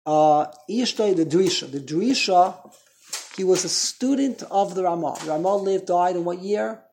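A man's voice: high-pitched, moderate pace, a little mellow, slight background noise. A man teaching an informal Torah class, conversational, quizzing his listeners and correcting himself as he goes.

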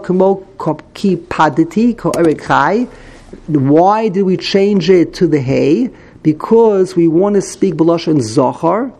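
A man's voice: fairly high pitch, a little mellow. A man teaching a text study class, explaining grammar as he thinks aloud, repeating and correcting himself.

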